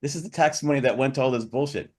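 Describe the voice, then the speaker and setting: A man's voice: mid-range voice, fast talker, a little mellow. A man on a podcast video call, ranting with exasperation about the state of things. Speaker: podcast co-host. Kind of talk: casual chat.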